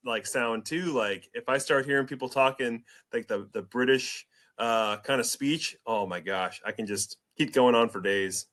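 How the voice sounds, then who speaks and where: A man hosting a casual sports podcast, excitable and hype-building, rambling a little as he talks. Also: medium pitch, normal speed. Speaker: podcast host.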